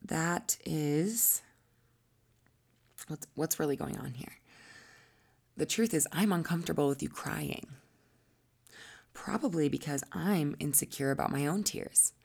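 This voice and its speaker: A woman coach talking through a teaching monologue, sometimes acting out quoted voices and dropping into soft asides. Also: deep voice, normal speed, vocal fry, long pauses, breathy edge.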